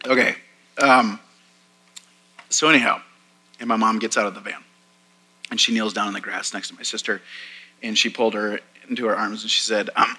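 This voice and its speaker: A man's voice: medium pitch, moderate pace, long pauses, bright, forceful tone, low-quality recording. A man in his forties, a pastor preaching a sermon in church, telling a personal story in a chatty, self-deprecating way with plenty of fillers. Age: 40s. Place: church sanctuary.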